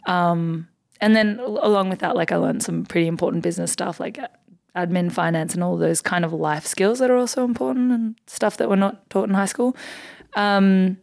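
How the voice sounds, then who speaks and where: A young Australian basketball player in her twenties is a guest on a podcast, telling stories in an upbeat, chatty way and filling her talk with "like" and "um." Her voice sits lowish, with a creaky, darkish quality. It's a casual interview conversation.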